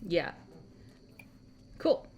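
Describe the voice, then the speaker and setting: A woman's voice: very slow, background noise. A woman narrating a tabletop game as game master, in a loose, chatty way full of fillers.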